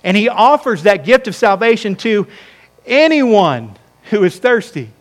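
A man's voice: high voice, sing-song. A man. He speaks emphatically and stretches out important phrases for weight. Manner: emphatic, slows down to stress key words. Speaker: pastor. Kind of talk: sermon. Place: church sanctuary.

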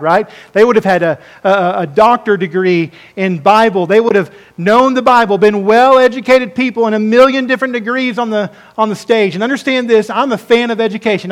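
A man preaching a sermon, repeating words as he builds each point and dropping to a hushed voice for quoted speakers. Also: high-pitched. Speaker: pastor.

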